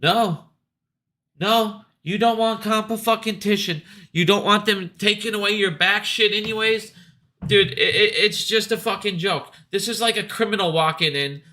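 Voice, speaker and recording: A man's voice: high voice, normal speed, pushed and bright. A man giving profane, sarcastic commentary and mocking people in a rant. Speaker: video commentator. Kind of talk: ranting commentary.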